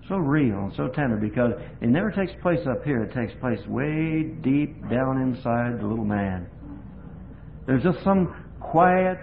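A man's voice: mid-range voice, vocal fry. A man preaching a folksy sermon, telling homespun stories with repetitive emphasis, on a phone-like lo-fi recording with faint hiss.

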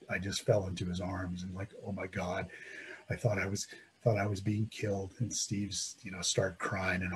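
Slight background noise sits under a man's low-leaning voice as he dramatically narrates his own experience on a mountain, alternating between loud emphasis and quiet, hushed delivery.

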